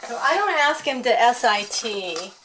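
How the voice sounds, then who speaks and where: A woman's voice: fairly high pitch, sing-song, a little slow, a bit bright, slight background noise. A woman talking casually as she trains her dog at home, chatting to the camera and voicing what the dog might think. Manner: chatty, talks to the dog and voices his thoughts.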